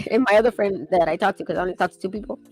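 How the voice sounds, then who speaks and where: A woman in casual chat who talks fast and acts out quotes with animated voices. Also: mid-range voice, no echo, soft background music, poor audio. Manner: fast-talking, animated storyteller acting out quotes.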